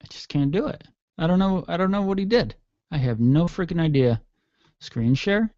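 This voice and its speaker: A man's voice: on the high side, expressive, moderate pace, dark tone, dry recording, lo-fi sound. A man hosting his own internet radio show alone, rambling and joking with mild cursing, yawning and sleepy. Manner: rambling, joking, mildly profane. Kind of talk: casual solo radio chat. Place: home studio room. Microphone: desk mic with headphones.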